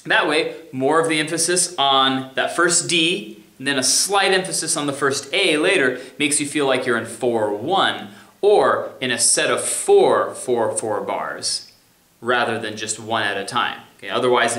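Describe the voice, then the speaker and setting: A man teaches music theory in a recorded remote lecture, scatting and singing rhythms to show how they go. His mid-range voice is expressive and sharp, at normal speed and casual in manner, in an echoey room.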